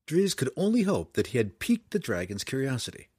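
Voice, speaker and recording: Expressive man narrating a fantasy tale. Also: medium pitch, fairly quick, slightly rough, no echo, studio quality. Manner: expressive, dramatic storytelling. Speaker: audiobook narrator.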